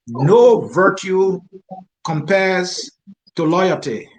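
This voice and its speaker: A man's voice: high voice, unhurried, a bit bright, a little hiss or hum, poor audio. A man hosting a talk show, putting probing questions to a guest. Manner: probing, reads out quotes, brief backchannels. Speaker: host.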